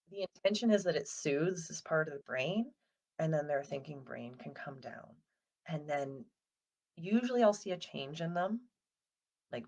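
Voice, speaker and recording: A woman in her thirties, a counsellor, giving a casual, gentle talk to parents in a chatty way, full of "like" and "um". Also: low voice, highs cut off. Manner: conversational, with frequent fillers like "like" and "um".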